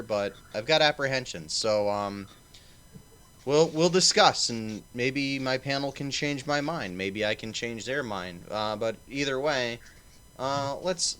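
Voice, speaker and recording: A man's voice: medium pitch, expressive, measured pace, fairly bright tone. A man hosting a casual livestream panel, swearing and rambling with lots of fillers. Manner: profane, rambling, filler-heavy. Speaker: stream host.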